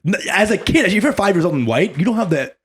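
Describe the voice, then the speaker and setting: A man co-hosting a comedy podcast, telling animated, profane stories and laughing often. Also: high voice, fast, breathy edge. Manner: animated storyteller, laughs often, swears freely. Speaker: podcast co-host. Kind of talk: casual comedic chat.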